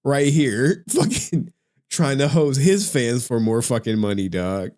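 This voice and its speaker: A man in his forties hosts a casual livestream, swearing often, using slang, laughing through his words and getting emotional. His mid-range voice is a little mellow and he takes it slowly.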